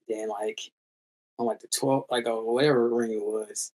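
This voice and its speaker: A man guest in a casual interview, telling a story in a lively way with slang and loose phrasing. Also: medium pitch, a little slow. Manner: animated storyteller, acts out quoted voices. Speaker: musician guest.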